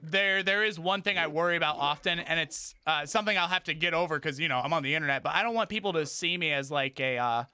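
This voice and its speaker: A man streaming a video game, chatting in a rambling, halting way with many restarts and breaking into high startled yelps. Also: pushed and bright, clear, resonant tone. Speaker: gaming streamer. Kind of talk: casual livestream gaming chat.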